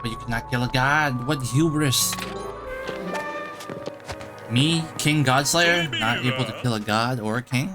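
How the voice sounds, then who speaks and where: A man's voice: measured pace, long pauses, music in the background, close to an everyday voice. A man voicing a vengeful, bitter old king who has lost his limbs, declaiming theatrically. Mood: indignant. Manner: theatrical, booming proclamations.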